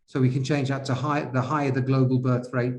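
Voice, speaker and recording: A man teaching as an IELTS examiner, correcting an essay step by step and asking viewers questions, with slow, halting speech. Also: mid-range voice, level tone, a little mellow. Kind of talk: classroom-style essay correction.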